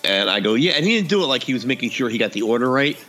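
A man's voice: medium pitch, very animated, racing, bright, forceful tone, soft background music. A man casually telling a funny story on a podcast, acting out the dialogue and laughing often.

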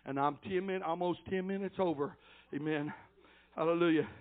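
An older man preaching a fervent church sermon, dotting his phrases with amens and rising into shouts. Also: on the high side, normal speed. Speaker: pastor. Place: church service. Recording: tinny phone-like lo-fi recording.

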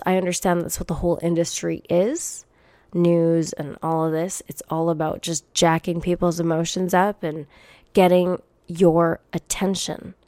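A young woman rants on her solo podcast, blunt and heavy on profanity, her low-pitched voice a little worn from a cold coming on. The sound is dry and close, with no room around it. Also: a little mellow, no room sound. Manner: blunt, profane, exasperated venting. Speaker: podcast host.

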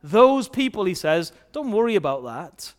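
A man's voice: sits high, normal speed. A man preaching a children's sermon, asking the kids questions and acting out playful voices. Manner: lively, asks children questions and acts out silly kid voices.

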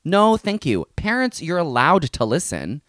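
Young male podcast host, lively swooping delivery, exasperated and sarcastic, dry close mic. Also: fairly high pitch, a little slow, no echo. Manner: animated, exasperated ranting with sarcastic asides. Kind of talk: casual solo podcast rant.

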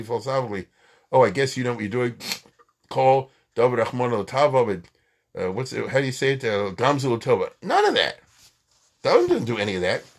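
A man giving an animated, conversational Torah lecture, acting out quoted lines. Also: mid-range voice, breathy edge. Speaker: Torah teacher.

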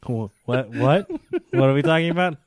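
A man's voice: medium pitch, expressive, moderate pace, a little mellow. A man co-hosting a casual podcast, asking teasing questions and cracking jokes. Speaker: podcast co-host. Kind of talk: casual wrestling chat.

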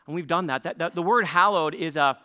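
A man preaching an earnest sermon in church, pressing his points with repeated words and quick restarts. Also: fairly high pitch, pushed and bright, clear, resonant tone. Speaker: pastor. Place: church sanctuary.

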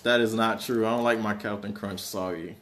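A young man hosting a podcast, chatting in a relaxed, joking way full of slang. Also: lowish voice, fairly quick. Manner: laid-back, joking, slangy. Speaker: podcast host. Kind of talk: casual chat.

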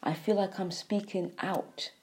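A woman giving a spiritual monologue, repeating phrases in a preachy way, sighing and swinging between soft and loud. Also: medium pitch, fairly even intonation, measured pace. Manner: repetitive, preachy, with sighs and emphatic swings in loudness. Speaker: spiritual speaker.

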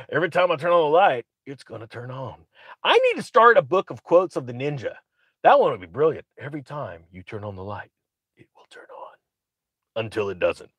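Sarcastic man with a lively, rising voice. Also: fairly high pitch, no echo. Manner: sarcastic, acts out quotes in mocking voices. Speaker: commentator. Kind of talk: opinionated commentary.

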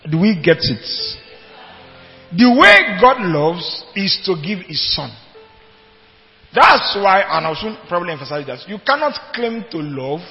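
A man preaching a sermon, emphatic, repeating his points and asking the congregation if they follow. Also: high-pitched. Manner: emphatic, asks the congregation questions, repeats phrases. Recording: dull long hall reverb with faint music.

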